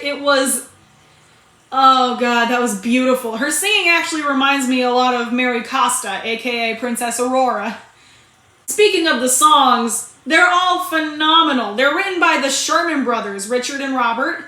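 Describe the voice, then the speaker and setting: A woman's voice: high voice, sharp tone. A woman giving a casual spoken movie review, chatty and rambling, often restarting her sentences and laughing. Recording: echoey room.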